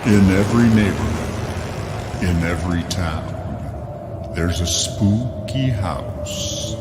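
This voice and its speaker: A man voicing the creepy owner of a spooky mansion, telling an ominous Halloween tale in slow scripted narration. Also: sits low, very noisy. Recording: echoey hall reverb over music.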